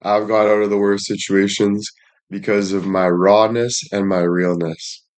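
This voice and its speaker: A man's voice: fairly low pitch, level tone, measured pace, a little mellow. A man livestreaming and addressing his chat in a heated rant, frustrated, swearing often and repeating himself.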